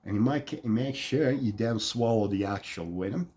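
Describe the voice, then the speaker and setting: A man's voice: on the low side, normal speed, darkish tone, lightly acted. A man putting on an Australian accent to play a boastful bloke who keeps tagging his steps with "right?". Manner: tag questions after every step. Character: boastful Australian bloke sharing crude folk remedy.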